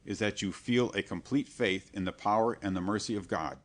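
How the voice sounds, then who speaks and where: Austere monk, grave and unbending, read by a male audiobook narrator; low voice. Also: close to an everyday voice. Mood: stern. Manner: grave, measured, severe. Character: stern, solemn male monk preacher, unbending.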